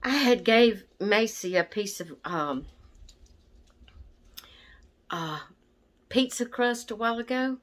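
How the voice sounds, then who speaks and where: A woman's voice: on the high side, animated. A woman chatting casually to camera as a vlogger, a little out of breath from asthma and easily sidetracked. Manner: slow, chatty, easily distracted. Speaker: doll channel vlogger.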